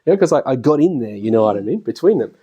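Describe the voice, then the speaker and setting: A middle-aged man talks his way through a lecture like a casual chat. His pitch rises and falls a great deal, and he keeps slipping into little voices of his family. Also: very animated, rapid-fire, warm tone, slightly rough, muffled recording. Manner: chatty, laughs often, acts out voices of family members. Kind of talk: casual spoken lecture with anecdotes. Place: classroom.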